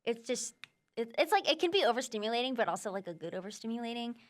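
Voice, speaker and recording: A woman's voice: on the high side, animated, quick pace. Chatty young woman from the Midwest. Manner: chatty, full of "like" and "um" fillers. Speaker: student outreach producer. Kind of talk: casual interview chat.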